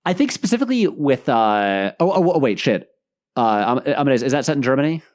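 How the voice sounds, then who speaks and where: Animated man in casual chat. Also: mid-range voice, fairly quick. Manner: animated, lively storytelling. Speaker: podcast guest, filmmaker.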